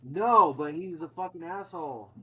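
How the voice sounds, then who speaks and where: A man's voice: a little high, lively intonation, normal speed, a bit bright, rough recording. A man casually retelling a film's plot, swearing and acting out quotes, in a chatty movie-recap conversation.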